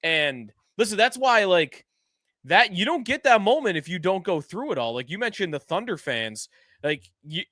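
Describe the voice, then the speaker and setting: A man co-hosting a sports podcast in a loose, rambling way, leaning on filler words as he works out his point. His voice sits slightly high. The recording is dry and close. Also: sing-song, normal speed, pushed and bright, no room sound. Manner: rambling and conversational, many "like" fillers. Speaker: podcast co-host. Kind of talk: casual sports talk.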